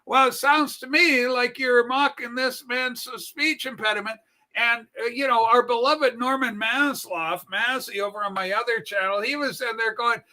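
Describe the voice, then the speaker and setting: High bright-voiced brash male show host. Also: measured pace. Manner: brash, profane, animated storytelling. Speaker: political talk show host. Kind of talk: casual political commentary livestream. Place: home room with a Star Trek shrine.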